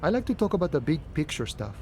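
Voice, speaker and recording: A man's voice: a little high, sing-song, fast talker, gravelly, a little mellow, a little hiss or hum. An actor playing a laid-back, philosophical male dock worker in a video game, with an easygoing, folksy manner. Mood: musing. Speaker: game character.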